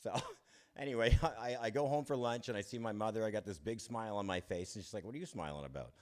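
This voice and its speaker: Low-voiced man telling his story. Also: fairly even intonation, a little mellow. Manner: candid, self-deprecating, chuckling between lines; halting restarts. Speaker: speaker sharing his recovery story. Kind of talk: personal testimony talk.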